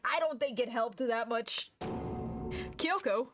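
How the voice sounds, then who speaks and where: A woman streamer reading game dialogue aloud and reacting with loud, swearing outbursts and laughter. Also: a little high, takes it slowly, music in the background.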